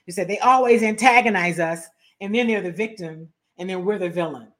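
A middle-aged woman hosting a talk show, telling a story with lively, animated delivery and acting out both sides of a quarrel. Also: medium pitch, brisk. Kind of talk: storytelling commentary.

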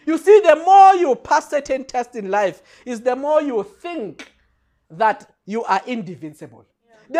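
Preacher, male, high voice, emphatic and repetitive, sermon delivery straight to the pews. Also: big pitch swings, unhurried, darkish tone. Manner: addresses the congregation directly.

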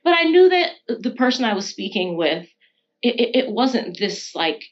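A woman's voice: medium pitch, very animated, moderate pace. American woman, chill and reflective, lots of um and you know, kinda muffled sound. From United States. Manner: thoughtful, frequent fillers like "you know" and "um". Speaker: guest. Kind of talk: casual conversation.

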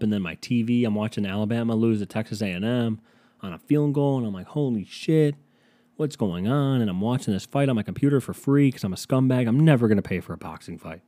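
Laid-back profane man with a mellow voice. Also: lowish voice. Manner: rambling, profane, sarcastic. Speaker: podcast host. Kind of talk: casual solo podcast chat.

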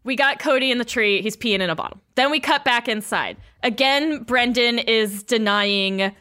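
A woman's voice: on the high side, moderate pace, bright, forceful tone. A woman co-hosting a podcast, laughing easily and steering the comedy plan. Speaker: podcast co-host. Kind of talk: casual comedy brainstorming.

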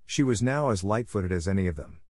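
Male audiobook narrator, low register, dry close sound, steady measured storybook reading. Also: no echo.

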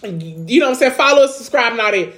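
A woman's voice: fairly high pitch, expressive, quick pace, fairly bright tone. A woman co-hosting a casual podcast, upbeat, plugging the show and egging her partner on. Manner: hypes, plugs links, laughs along. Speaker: podcast co-host. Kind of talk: casual chat.

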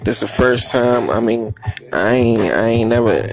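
A man's voice: mid-range voice, a little slow, creaky. A man telling a profane, rambling comic story, repeating himself and asking "you know what I mean". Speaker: comedian.

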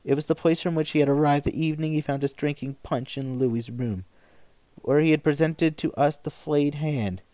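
A man reading old stories aloud with measured, even narration. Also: on the high side, dry recording. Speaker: story reader.

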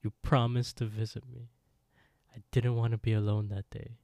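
A man voicing a lonely ghost woman, speaking softly and reproachfully about a broken promise. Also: medium pitch, little pitch movement, moderate pace, no room sound, lightly acted. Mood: mournful.

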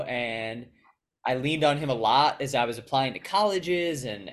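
A young man, a guest in an interview, answering earnestly and reflectively about his path in sports media. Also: medium pitch. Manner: earnest, reflective, quick storytelling. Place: Chicago.

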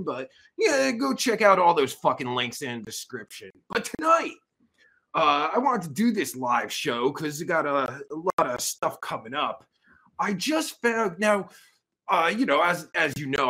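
A man's voice: on the high side, vocal fry, sharp tone, breathy edge. A man hosting a livestream, talking in a crude, rambling rant with sudden mocking outbursts. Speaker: livestream host.

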